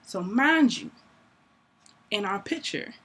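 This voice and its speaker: A young woman telling a story to camera in a casual, animated way, acting out both sides of a conversation and laughing often. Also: mid-range voice, slow, slightly rough. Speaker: vlogger.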